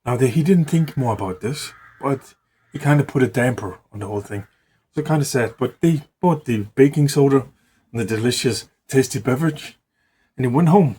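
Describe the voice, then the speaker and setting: A man's voice: medium pitch, normal speed, warm tone, husky. A man improvising a rambling, profanity-laced story in a casual way, often restarting words.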